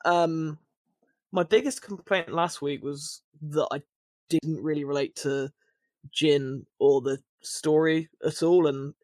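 A man talking casually on a podcast, his voice sitting a little high for a man. He rambles, restarting sentences and filling gaps with little fillers. The recording is close and dry. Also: fairly even intonation, slow, no room sound. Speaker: podcast co-host.

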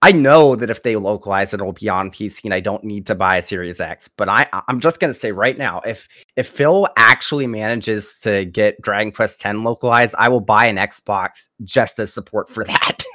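A man co-hosting a gaming podcast in casual chat, excitable and repeating himself as he builds a theory. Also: fairly low pitch, normal speed, hardly any pauses, dry recording, studio quality. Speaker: podcast co-host.

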